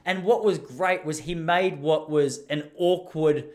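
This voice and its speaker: A man's voice: fairly high pitch, unhurried. Rambling Australian man telling a story. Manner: rambling, animated, self-interrupting with restarts. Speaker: podcast host. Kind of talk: casual storytelling monologue.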